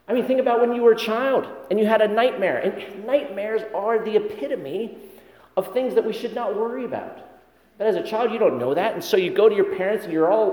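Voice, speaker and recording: The voice is high with a darkish tone: a pastor giving a sermon in a chatty, storytelling style, making jokes at his own expense. Long reverb from an echoey hall fills the recording.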